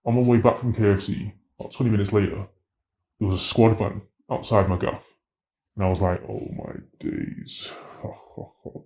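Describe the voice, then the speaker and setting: A man, telling his story in an interview in a slangy, animated way and acting out dialogue. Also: fairly low pitch, roomy sound. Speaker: interviewee, former drug dealer.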